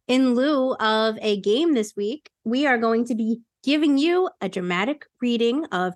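Woman podcast co-host, higher voice, dry close sound, playful chat and dramatic read-aloud. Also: animated, a little slow, few pauses, no room sound. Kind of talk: casual chat and dramatic reading.

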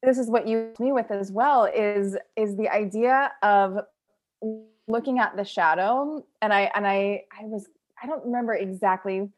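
A woman hosts a casual podcast conversation. She speaks in a heartfelt, emotive way and often restarts her sentences. Her voice sits at a middle pitch. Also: normal speed, faint music behind. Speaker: podcast host.

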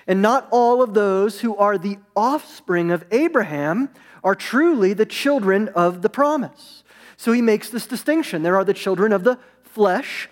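Slow, high-voiced preacher in a reverberant hall. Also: male voice. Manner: emphatic preaching with slow stressed phrases. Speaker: pastor. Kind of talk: sermon.

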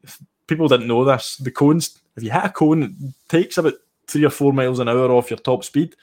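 A man's voice: mid-range voice, brisk, a little mellow. Chatty Scottish man, easygoing. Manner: chatty, enthusiastic, restarts phrases often. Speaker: guest sim racer. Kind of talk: casual interview chat.

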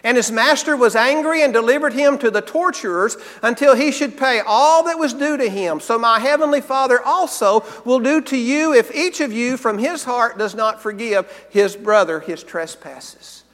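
A man preaching a sermon, earnest, slowing down and repeating key phrases for emphasis. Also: very high voice, fairly bright tone, long reverb tail.

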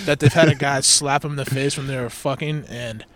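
A man's voice: mid-range voice, steady tone, a little fast, over a noisy crowd. A man hosting a podcast, chatting casually with comedian guests and laughing often. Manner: laughs often while talking. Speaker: podcast host. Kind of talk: casual chat.

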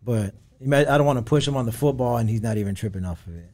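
A man's voice: mid-range voice, very fast, warm tone. A man in his thirties with a Southern California accent, a guest telling stories in an easygoing way, laughing often. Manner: easygoing, laughs while telling stories, says "you know what I mean". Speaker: podcast guest. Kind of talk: casual storytelling.

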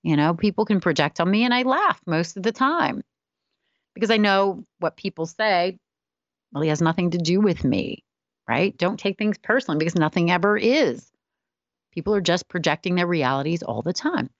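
Candid middle-aged woman, low dull voice. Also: animated, moderate pace, no echo. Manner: candid, laughs often at herself. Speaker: spiritual wellness teacher. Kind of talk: personal storytelling talk.

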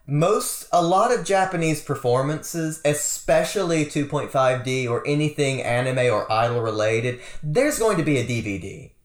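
A man's voice: on the high side, lively intonation, moderate pace, hardly any pauses. Earnest man in a roomy echo. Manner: earnest, explaining with many fillers. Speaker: podcast co-host. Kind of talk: casual chat. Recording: roomy echoey sound.

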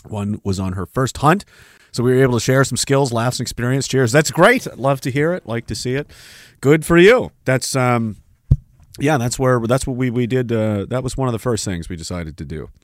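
Man, livestream host, rambling casual talk, curses a lot, lively swooping pitch, dry close sound. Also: normal speed, dry recording. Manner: rambling, swearing, self-interrupting. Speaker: livestream host reading chat.

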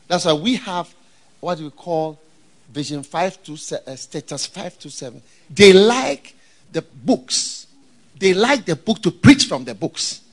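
Animated husky preacher with soaring pitch. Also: male voice. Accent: Ghanaian. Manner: animated preaching, bursts into loud high shouts and laughter. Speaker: bishop preaching to pastors. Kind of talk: sermon.

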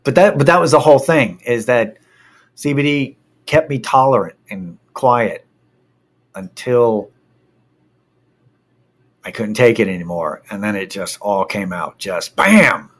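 A man casually telling a personal anecdote, animated and profane as he gets worked up. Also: mid-range voice, a little slow, long pauses.

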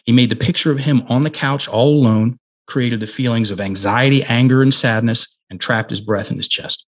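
A middle-aged man, a guest on a podcast, telling a coaching story on a headset mic, emphatic and slowing down to stress key words. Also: medium pitch. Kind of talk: conversational storytelling.

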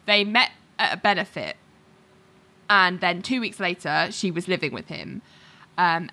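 A woman's voice: lowish voice, bright, forceful tone. A woman co-hosting a casual chat, retelling a story and acting out the characters' lines with lots of fillers. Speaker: podcast co-host recapping a TV show.

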